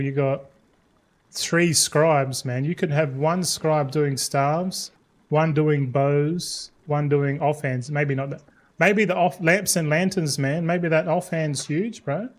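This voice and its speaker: A man streaming a game, chatting casually with viewers in a rambling, laid-back way, swearing freely and restarting his words. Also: on the high side. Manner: slangy and laid-back, says mate and bro.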